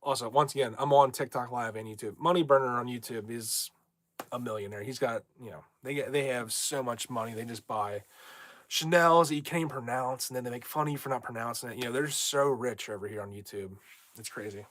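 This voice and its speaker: A man's voice: medium pitch, fairly quick, fairly bright tone. A young man hosting a casual livestream from home, brash and rambling as he reads viewer comments aloud. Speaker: livestream host.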